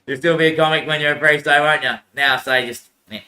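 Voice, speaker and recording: Man hosting a rambling solo show, piercingly bright and a touch high, laughs a lot, drops to muttered curses. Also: steady tone, fast. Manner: calls the listener son and mate. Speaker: show host. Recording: roomy echo.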